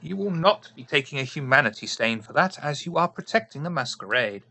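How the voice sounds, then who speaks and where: A man's voice: fairly high pitch, fairly quick, creaky. A man running a tabletop horror game as game master, narrating and joking with the players. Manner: playful, joking, lively narration.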